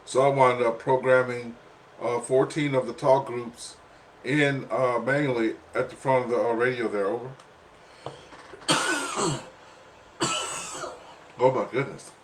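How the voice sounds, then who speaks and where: A man's voice: medium pitch, fairly even intonation, moderate pace, slight background noise. A man hosting an amateur radio net, talking casually with many fillers, coughing and short of breath. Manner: rambling with many fillers, says "there" often. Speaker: net host, ham radio operator.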